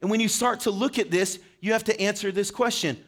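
A man's voice: high-pitched, a little fast, a bit bright. A man preaching a short sermon, earnestly asking questions and speaking directly to his listeners. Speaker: pastor.

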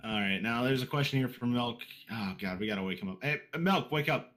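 An American man hosting a casual podcast, animated and given to loud bursts of laughter. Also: mid-range voice, fairly quick. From United States. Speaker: podcast host. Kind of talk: casual chat.

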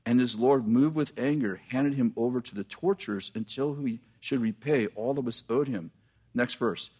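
A man preaching a sermon, reading scripture aloud and breaking off into quick, animated asides to the congregation. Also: mid-range voice, breathy edge.

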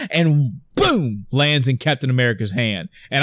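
A man in a casual podcast chat recapping a movie scene, excited and profane, acting out his own reactions as he tells it. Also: medium pitch, moderate pace, few pauses, no echo, studio quality. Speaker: podcast co-host.

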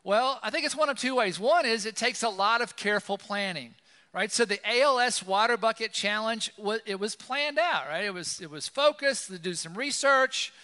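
A man's voice: sits high, pushed and bright, big-room sound. A man preaching a sermon in a conversational style, with many fillers, in a church. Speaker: pastor. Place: church sanctuary.

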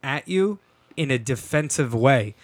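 Animated man talking fights, dry sound. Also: mid-range voice, measured pace, no room sound. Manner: animated, swearing, restarts sentences. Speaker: podcast co-host. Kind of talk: casual fight-talk chat.

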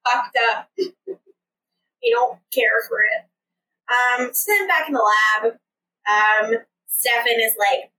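A young woman hosting a podcast, recapping a show in casual chat with sarcastic, animated asides and swearing. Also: a little high, measured pace, distant mic, slight background noise, poor audio. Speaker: podcast host.

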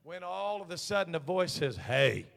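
A male senior pastor preaching a Pentecostal sermon in a church. He moves from hushed storytelling to shouted, rhythmic preaching. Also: sits high, a little fast, vocal fry. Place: church sanctuary.

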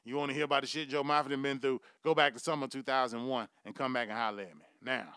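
A man's voice: mid-range voice, steady tone, fast talker, bright, forceful tone, smooth, no echo, studio quality. A man hosting his own podcast, delivering a profane comic monologue and laughing at his own jokes. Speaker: podcast host.

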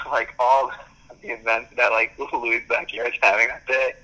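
A man's voice: medium pitch, fairly even intonation, normal speed, bright, forceful tone, low-quality recording. A young man in casual chat, rambling through stories with lots of "like" and frequent laughs. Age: young adult.

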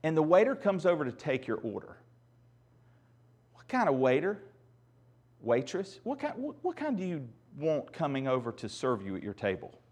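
A man's voice: on the high side, huge pitch swings, moderate pace, a little mellow. A man presenting to a live audience in a conversational way before introducing a comedy skit. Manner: conversational, addresses the audience and sound desk. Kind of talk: live stage talk.

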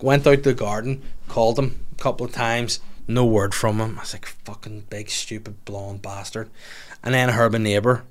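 Sweary man telling a comic story. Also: on the low side. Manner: sweary, rambling, animated. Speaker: podcast host.

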